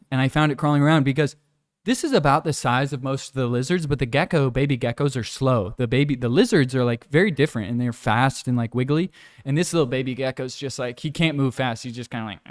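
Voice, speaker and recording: This young vlogger is laid-back and rambling, chatting casually while walking through a hillside village outdoors. Now and then he mimics animals and people with high squeals.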